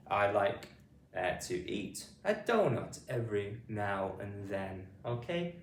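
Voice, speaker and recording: British male phonics teacher, slow and patient, spells words out, roomy distant mic, faint hiss. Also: fairly low pitch, very animated. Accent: British English. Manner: patient, repetitive, says each word then spells it letter by letter. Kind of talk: slow spelled-out pronunciation lesson.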